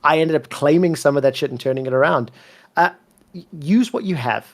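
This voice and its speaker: Emphatic man with a soft South African accent. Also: a little high, brisk. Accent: soft South African, mixed with British and American. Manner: emphatic, swears freely, repeats words when fired up. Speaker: esports commentator, interview guest. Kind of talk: candid interview storytelling.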